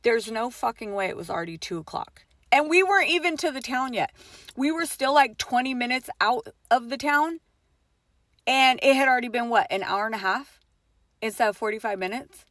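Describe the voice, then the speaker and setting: A woman's voice: fairly high pitch, expressive, normal speed, a bit bright, dry recording, clean studio sound. A middle-aged mother telling a personal story in a casual vlog, swearing often, with lots of fillers and emphatic swings.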